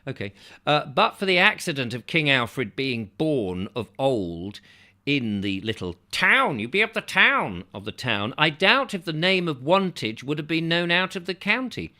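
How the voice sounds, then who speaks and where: Guy reading an old travel book, bright voice, swoops around a lot, stops to joke now and then. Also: on the high side, measured pace. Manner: lively reading broken by chatty, joking asides. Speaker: audiobook reader. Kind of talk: reading a travel book aloud with casual asides. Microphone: close microphone, near overload.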